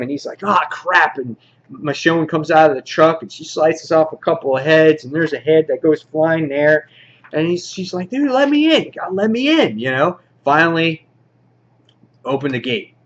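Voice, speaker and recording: A man casually reviewing a comic book, rambling excitedly and acting out the characters' lines. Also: fairly high pitch, muffled recording.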